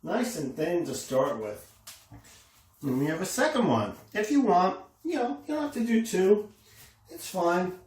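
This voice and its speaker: A man's voice: high voice, very animated, unhurried, a little mellow. A man casually demonstrating a recipe in a kitchen, enthusiastic and exclaiming over the food as he works. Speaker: home cooking host. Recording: echoey room, faint noise.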